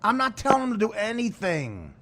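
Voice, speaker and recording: A man's voice: sits high, huge pitch swings, fairly quick, a bit bright. A man hosting a casual podcast chat, teasing his guest with laughs and stumbling restarts. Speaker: host.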